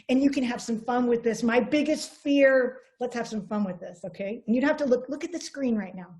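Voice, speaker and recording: A woman's voice: a little high, a little mellow. A woman giving an earnest motivational training talk to a sales team, coaching and repeating herself as she goes. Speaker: network marketing trainer.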